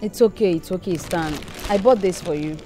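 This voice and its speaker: A young woman with a Nigerian accent playing a polite student back from school, soft-spoken and gracious. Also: on the low side, fairly quick, soft background music, natural voice. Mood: gentle. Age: young adult.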